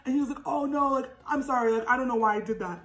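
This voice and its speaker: Young woman vlogging, loud voice, kinda high, echoey room w/ faint music. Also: fast talker. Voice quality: naturally loud voice. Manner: animated, laughing, lots of "like". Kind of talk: storytime vlog.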